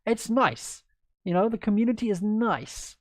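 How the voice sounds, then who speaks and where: A woman's voice: medium pitch, animated, unhurried, no room sound, studio quality. A woman chess coach in a livestreamed lesson, chatty and upbeat, answering viewers by name as she goes through moves.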